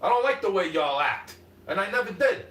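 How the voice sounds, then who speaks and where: This is a fairly quick, expressive rant from a high-voiced New York man, swearing and combative on a livestream and lurching between muttering and shouting. The mic is distant, so the sound is roomy and off-mic with faint ambience.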